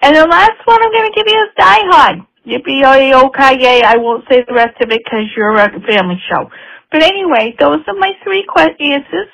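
A woman leaving an upbeat, chatty phoned-in message for a movie podcast, briskly listing her picks. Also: high voice, sing-song, creaky, fairly bright tone, low-quality recording. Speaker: regular caller.

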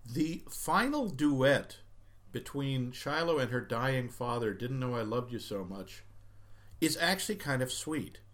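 A man's voice: medium pitch, expressive, unhurried, fairly bright tone. A man in casual chat, reviewing a film with sarcastic, dismissive remarks.

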